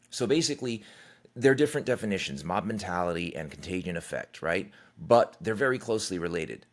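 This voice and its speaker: A middle-aged man hosting a solo podcast, talking in a candid, conversational way, swearing freely and acting out quotes. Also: lowish voice. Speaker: podcast host. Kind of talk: casual solo podcast monologue.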